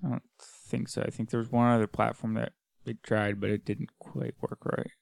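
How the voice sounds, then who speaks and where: A man co-hosting a podcast in casual chat, quick with jokes and puns. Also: on the low side, level tone, gravelly, a little mellow, dry recording. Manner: joking, punning. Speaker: podcast co-host.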